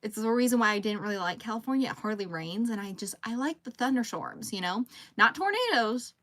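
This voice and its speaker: A woman's voice: fairly high pitch, animated, a little fast, fairly bright tone. A woman, chatting casually on a livestream at home while she crochets. She rambles, reads out viewer comments and talks to her dog. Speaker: livestream host.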